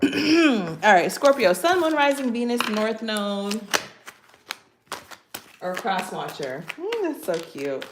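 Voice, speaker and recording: A woman's voice: fairly high pitch, big pitch swings, slow, long pauses. Chatty woman reading tarot in an echoey room. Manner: chatty and playful, talks straight to viewers with asides. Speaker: tarot reader. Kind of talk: casual tarot reading to camera. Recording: echoey room with faint background noise.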